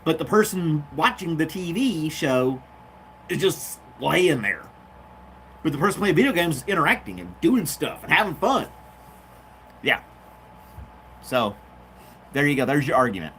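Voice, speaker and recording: A man hosting his own show, chatting loosely and making it up as he goes. His voice sits a bit high for a man. A faint noise floor hangs behind him. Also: big pitch swings, a little slow, pauses often, a bit bright. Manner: rambling, off-the-cuff, talks to his dog. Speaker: podcast host. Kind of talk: casual chat.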